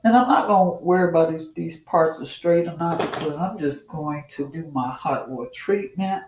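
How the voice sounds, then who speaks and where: A woman's voice: deep voice, moderate pace, noisy background. A woman chatting casually through a hair care tutorial, repeating herself and calling her viewers y'all. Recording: echoey room.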